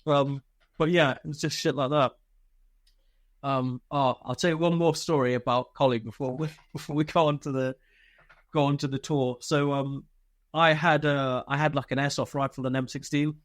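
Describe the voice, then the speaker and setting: A man's voice: mid-range voice, fairly even intonation, normal speed, no echo, studio quality. A male army veteran from Britain telling swearing, laughter-filled war stories in a casual interview.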